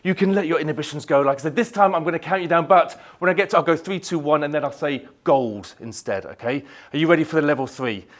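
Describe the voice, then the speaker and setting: Energetic man on stage. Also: on the high side, quick pace, hardly any pauses. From Yorkshire, England. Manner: energetic, playful, leads crowd chants. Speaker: motivational speaker. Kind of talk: live motivational talk with audience participation. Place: indoor event hall, live audience.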